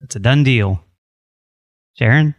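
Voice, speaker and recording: A man's voice: mid-range voice, slow pace, no room sound. A man posing as a homeowners' association official on a prank phone call, talking in a smug, teasing, unflappable way.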